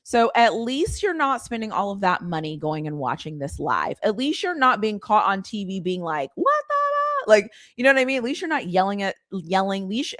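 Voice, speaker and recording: A woman's voice: mid-range voice, no room sound, clean studio sound. A woman hosting a live stream, chatting casually and ranting with exasperation, laughing often. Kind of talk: casual live sports chat.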